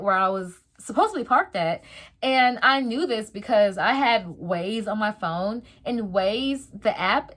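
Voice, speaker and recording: A young adult woman telling a story in a casual storytime vlog, slangy and animated, acting out the voices of the people in it. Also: medium pitch. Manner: animated, slangy, dramatic retelling. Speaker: vlogger.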